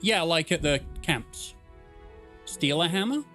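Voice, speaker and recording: A man's voice: a little high, expressive, slow, pushed and bright, soft background music. A young man streaming a game, chatting casually and swearing, laughing at the chaos. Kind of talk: casual gameplay commentary.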